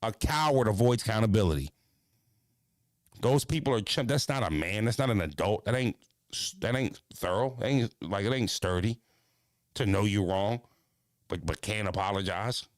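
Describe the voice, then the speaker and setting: A man hosting a casual podcast, ranting bluntly with profanity, jumping into animated voices and stuttering restarts. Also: on the low side, moderate pace, no room sound. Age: adult. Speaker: podcast host.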